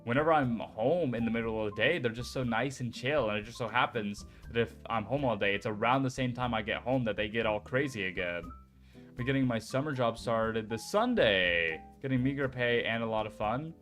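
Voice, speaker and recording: A man's voice: medium pitch, a little fast, a bit bright, faint music behind. A young man chatting casually on a stream, rambling and joking and swearing now and then. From United States. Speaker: VTuber streamer. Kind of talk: casual chat.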